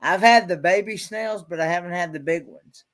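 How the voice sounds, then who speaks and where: A man in a casual live-stream chat who talks haltingly, repeats words and restarts, and explains details earnestly. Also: high voice, a bit bright.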